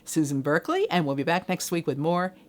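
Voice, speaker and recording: A woman's voice: low-pitched, lively intonation, brisk. A middle-aged woman voiceover coach, talking straight to the viewer in a friendly, conversational training video. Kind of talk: direct-to-camera training video.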